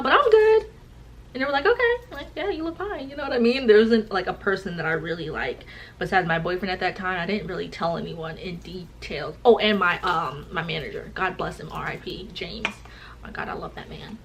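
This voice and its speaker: Animated young woman telling a story. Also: medium pitch, a little hiss or hum, rough recording. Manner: animated, acts out quoted voices. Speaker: vlogger. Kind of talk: casual storytelling chat.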